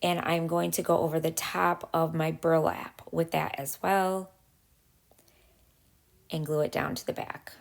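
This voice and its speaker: A woman hosting a craft channel, talking casually through a step-by-step tutorial, chatty and full of little pauses. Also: low-pitched, little pitch movement, vocal fry.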